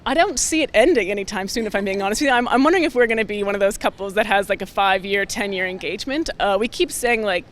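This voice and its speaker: A woman's voice: medium pitch, quick pace, few pauses. Upbeat young woman. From Canada. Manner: upbeat, lots of "like" fillers. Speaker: rugby player, interview guest. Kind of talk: casual interview chat.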